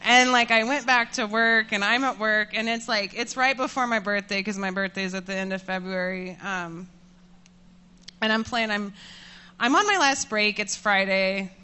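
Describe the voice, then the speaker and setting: A woman in her thirties telling a personal story to an audience, candid and self-mocking, laughing often and getting animated as she tells it. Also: medium pitch, normal speed, smooth. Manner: animated, voices rising when furious.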